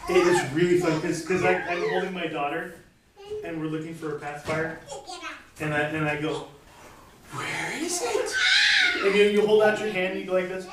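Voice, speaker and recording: A woman's voice: fairly low pitch, steady tone, a little fast, crowd noise. A woman teaching a casual class in a playful way, laughing often and acting out her examples. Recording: echoey noisy room from far off.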